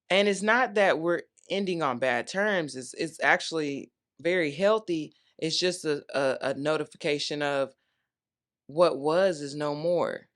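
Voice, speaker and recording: A woman in her thirties hosting a talk show, talking candidly and playfully to her viewers. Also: sits low. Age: 30s. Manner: candid, chatty, playful call-and-response. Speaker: host. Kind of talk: casual solo talk.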